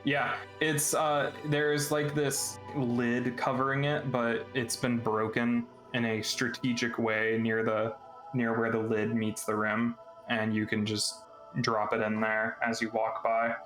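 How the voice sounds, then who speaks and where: A man running a tabletop game as game master, narrating scenes in a relaxed storytelling way. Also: medium pitch, faint music behind. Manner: relaxed storyteller, breaks into quick character voices and laughs.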